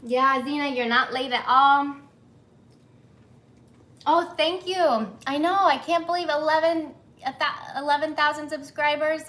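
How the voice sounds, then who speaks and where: Speaking at normal speed with a high, sharp voice and fairly even intonation, a thirtysomething woman livestreams baking from her home kitchen. She's chatty and apologetic, greeting viewers and reading comments out loud while flustered and sweaty from the humidity.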